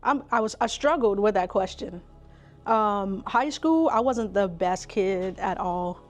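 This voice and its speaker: A woman, a school counselor telling stories in an interview in a relaxed, conversational way with many fillers. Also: mid-range voice, a little slow, soft background music. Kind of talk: interview storytelling.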